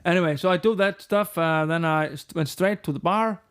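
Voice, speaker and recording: A man's voice: on the high side, moderate pace, smooth. A middle-aged man from Iceland, a rock band frontman whose first language is Icelandic, telling his story frankly and profanely in an interview and acting out the dialogue he quotes.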